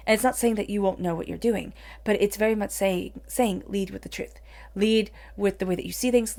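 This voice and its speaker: A woman's voice: medium pitch, gravelly, a little mellow. A woman giving a solo tarot reading in an earnest, encouraging manner, with many "you know"s. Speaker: tarot reader.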